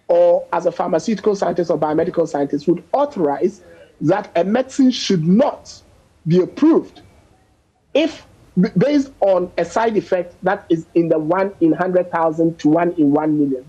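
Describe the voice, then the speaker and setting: A man speaks as a doctor on a news panel, husky and mellow in tone. He presses his case hard with figures and everyday comparisons. The sound comes over a dull, lo-fi remote link. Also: sits high. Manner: emphatic, explains with statistics and everyday examples. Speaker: doctor guest. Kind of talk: panel discussion on a news show.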